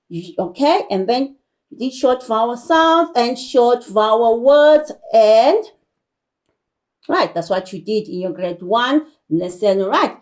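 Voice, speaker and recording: A woman from South Africa teaches a broadcast lesson for young children. Her voice sits somewhat high and she speaks slowly, repeating words and nudging the class on with "okay" and "all right". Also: darkish tone. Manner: slow, repetitive, coaxing delivery with frequent "all right" and "okay".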